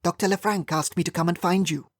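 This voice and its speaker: A man's voice: sits high, fairly even intonation, fast talker, no room sound, clean studio sound. A man voicing a polite, subdued young male valet who speaks with a mild Welsh lilt. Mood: deferential. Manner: deferential, apologetic.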